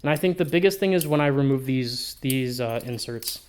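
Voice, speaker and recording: A man's voice: mid-range voice, brisk, a little mellow, clear, resonant tone. A man talking through a product review in a casual vlog, rambling and offhand, with frequent swearing. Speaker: balisong reviewer.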